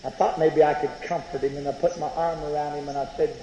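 A revival preacher tells his testimony with swings from loud, urgent outbursts to hushed tones. His fairly high voice rings out under a large tent, with a roomy echo and long reverb. Faint noise hums underneath. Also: level tone, quick pace, few pauses. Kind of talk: sermon testimony.

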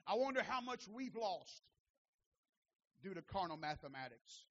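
A male pastor with a strikingly high voice delivers an impassioned sermon, swinging from steady teaching to loud fervent calls and back to quiet asides. He leans on repetition for emphasis. The recording is dull and lo-fi. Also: measured pace. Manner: impassioned preaching, rising to shouts and dropping to quiet asides; repeats phrases for emphasis.

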